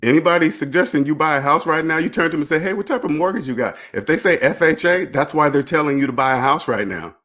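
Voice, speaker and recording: A man's voice: fairly high pitch, fast talker, few pauses, fairly bright tone. A man lectures his viewers in a casual monologue, hammering his points home with rhetorical questions. His delivery is blunt and emphatic, with casual swearing and short laughs. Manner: blunt and profane, with brief laughs. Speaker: personal finance channel host. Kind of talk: casual direct-to-camera monologue.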